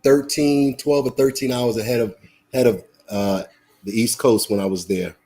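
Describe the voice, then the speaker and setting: A man's voice: mid-range voice, steady tone, normal speed, warm tone. A man chatting casually, friendly and prone to stumbling restarts as he asks questions. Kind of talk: casual chat.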